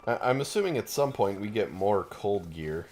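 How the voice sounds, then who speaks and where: A man's voice: fairly low pitch, animated, normal speed, darkish tone, a little hiss or hum. A man chatting casually as co-host of a game playthrough, rambling and hesitant with many restarts, and coughing now and then from a lingering chest cold. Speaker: co-host commenting on gameplay. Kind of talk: casual let's-play chat.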